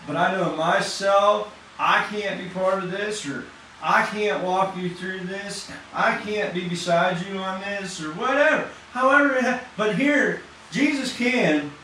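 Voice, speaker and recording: A man preaching an informal sermon in a fast, excited, conversational way, with casual slang. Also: sits high. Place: church hall. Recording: echoey room from far off, faint noise.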